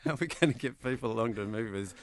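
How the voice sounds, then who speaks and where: A man's voice: mid-range voice, racing. A man, a guest author, telling stories in a chatty, laughing way on radio. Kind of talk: casual radio interview.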